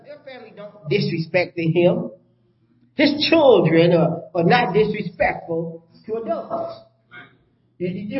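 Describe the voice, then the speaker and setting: A man preaching a sermon in a folksy call-and-response style, often asking the congregation "you follow me?" and sometimes dropping to a soft, calm tone. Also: extremely high pitch. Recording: roomy, dull church recording.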